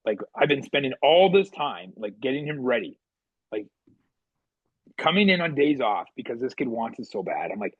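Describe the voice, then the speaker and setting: A man co-hosting a podcast, telling animated stories and acting out the quotes with sudden jumps in pitch. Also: normal speed, long pauses, breathy edge, dry recording, muffled recording. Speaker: podcast co-host and goalie coach. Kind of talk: casual storytelling chat.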